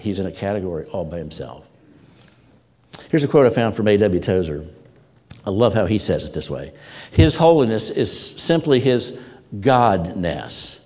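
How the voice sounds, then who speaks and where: A man's voice: lowish voice, very animated, moderate pace, pauses often, darkish tone. A man preaching a sermon as a pastor, telling stories with energy and repeating words for emphasis. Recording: long hall reverb.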